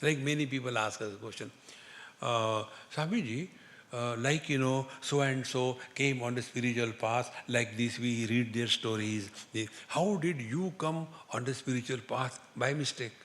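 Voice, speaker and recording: A man speaking English with an Indian accent, giving a spiritual discourse as a teacher, telling humorous stories slowly and chanting Sanskrit verses. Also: medium pitch, fairly bright tone. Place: lecture hall with an audience. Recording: long hall reverb, faint noise.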